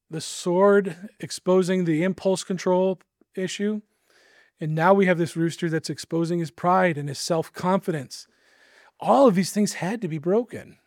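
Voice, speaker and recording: A man's voice: high voice, a little mellow, no echo, clean studio sound. A man preaching a sermon, earnest and emphatic, with casual asides to his listeners.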